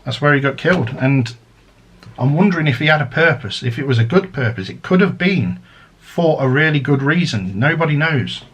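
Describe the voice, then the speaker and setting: A man's voice: on the high side, animated, moderate pace, fairly bright tone, slightly rough. A man chatting casually as he unboxes a collector's set, rambling and drifting into fan theories. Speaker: unboxing vlogger.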